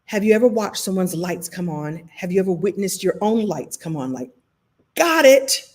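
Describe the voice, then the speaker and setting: A woman from Brooklyn, New York, giving a motivational livestream talk as a speaker and coach. She tells stories in an emotional, animated way and laughs often. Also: on the low side, fairly quick.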